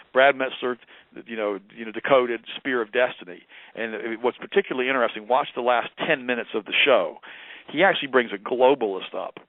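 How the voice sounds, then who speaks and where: A man calls in as a guest on a talk radio show. He talks quickly and emphatically, almost preaching. His voice comes through a thin, tinny phone line with a dry sound. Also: on the low side, no echo.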